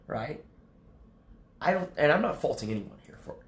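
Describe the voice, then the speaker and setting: A man's voice: a little high, big pitch swings, normal speed, echoey room. A man livestreaming casual chat to his viewers, rambling and swearing, often laughing. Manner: rambling, profane, laughs a lot.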